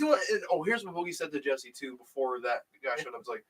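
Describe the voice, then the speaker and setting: A man's voice: fairly high pitch, a little fast, a bit bright, far from the mic. A young man hosting a casual chat, retelling a video in a rambling way full of fillers. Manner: rambling, full of "like" and "you know". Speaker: YouTube host. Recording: voice a bit off the mic.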